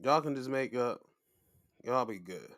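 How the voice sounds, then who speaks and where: A show host with a medium-pitched voice speaks a little slowly in studio-quality audio with no room sound. He chats casually through a wrestling recap, animated and chatty, acting out what people said.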